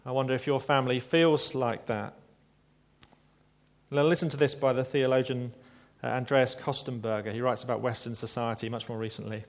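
A man preaching a sermon in a measured, reflective way, with small asides to his listeners. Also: mid-range voice, fairly even intonation.

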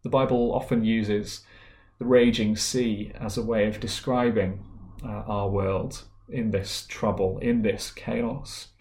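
A man delivering a sermon in a fairly low voice, earnest and plain-spoken, possibly. He stops and restarts now and then, with small fillers between his points. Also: fairly even intonation, slow pace, darkish tone. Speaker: preacher.

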